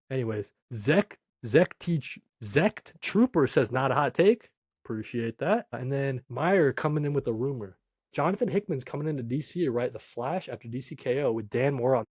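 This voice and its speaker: A young man hosting a casual comic review livestream, talking excitably and reading viewer comments, often saying "dude" and "bro". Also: medium pitch, husky, dry recording, clean studio sound. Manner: excitable, says "dude" and "bro" a lot, jumps between calm and shouting.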